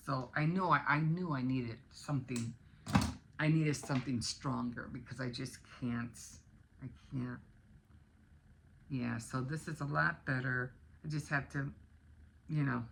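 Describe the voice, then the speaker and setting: A woman's voice: rumbling low, fairly even intonation, a little slow, creaky, a bit bright, a little hiss or hum. A middle-aged woman vlogging in a rambling, chatty way, often restarting her sentences. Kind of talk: casual vlog chat.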